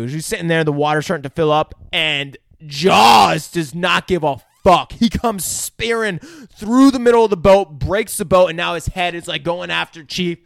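Profane, animated man retelling a movie. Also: sits high, normal speed, gravelly, few pauses, no room sound. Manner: profane, animated retelling with silly character voices. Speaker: podcast co-host. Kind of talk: casual movie recap chat.

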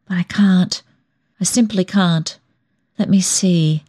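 A woman's voice: lowish voice, steady tone, slow, a little mellow. A woman reading an audiobook, voicing a kind young man who speaks in a tender, soothing way. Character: gentle, loving young man, steady and kind. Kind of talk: audiobook dialogue.

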